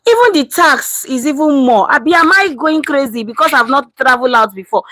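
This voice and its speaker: A Nigerian woman in her thirties hosts a casual live stream, reading and answering viewer comments. Her voice sits a little high and sounds close and dry. She is lively, switching easily between English and Pidgin. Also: fairly quick, dry recording, poor audio.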